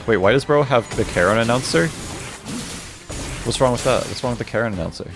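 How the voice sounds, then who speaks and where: A man's voice: medium pitch, expressive, a little fast. A young male streamer talks casually with his chat, joking, laughing and bickering playfully. His voice swings up and down with plenty of life, and faint music plays behind him.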